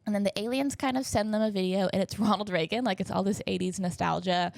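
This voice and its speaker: Stuffy-nosed woman rambling casually, gravelly. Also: medium pitch, steady tone, fast, a little mellow, no echo. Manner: rambling, chatty, lots of fillers and asides. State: stuffy nose. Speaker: podcast host. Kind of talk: casual solo podcast recap. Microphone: camera setup.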